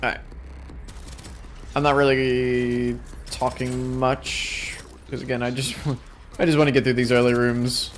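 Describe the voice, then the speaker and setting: A young man talks through his game run in a tired, rambling, self-deprecating way, joking about his own skill. His voice sits in an ordinary middle pitch. A faint hiss of noise runs under the recording. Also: level tone, unhurried, long pauses. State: exhausted. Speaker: streamer. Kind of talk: casual gameplay commentary.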